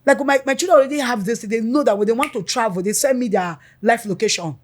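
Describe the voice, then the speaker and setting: A woman's voice: fairly high pitch, fast. A middle-aged woman, a mother speaking as a guest in an interview and animatedly acting out conversations with her children. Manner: animated, acts out family dialogue in quotes.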